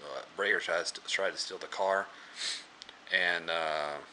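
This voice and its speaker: A man casually retelling a movie's plot for a review, rambling with many fillers and restarts and often clearing his throat. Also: deep voice, fairly even intonation, measured pace, pushed and bright, a little hiss or hum.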